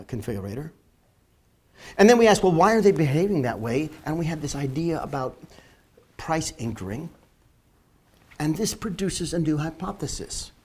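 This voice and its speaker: A man lecturing on marketing to online viewers, emphatic and slowing down to stress key words. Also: a little high. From northern Canada. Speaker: marketing educator. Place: Florida, near the beach.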